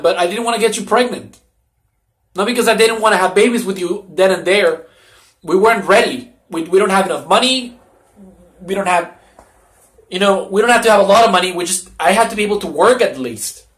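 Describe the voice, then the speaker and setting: Young man, crying, rambling emotional monologue, raised pitch, pleading and repetitive. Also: a bit bright. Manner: rambling, pleading, repeats himself. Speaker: vlogger.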